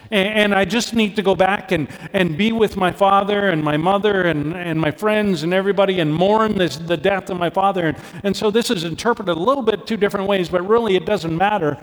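A middle-aged man from Canada preaching a sermon as a pastor, earnest, lifting his voice for emphasis and dropping soft when he turns personal. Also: high voice, brisk, few pauses. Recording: long hall reverb.

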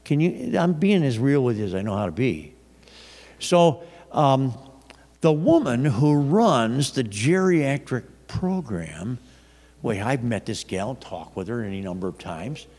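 A man's voice: mid-range voice, measured pace. Man preaching in a reverberant hall. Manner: conversational, animated storytelling with frequent restarts. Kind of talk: storytelling sermon. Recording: long reverb of a large hall.

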